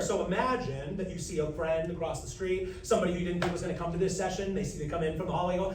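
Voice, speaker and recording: High-voiced male vocal coach teaching live. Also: fast. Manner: lively, demonstrative, breaks into loud calls. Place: rehearsal room with a group. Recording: roomy, distant mic with music.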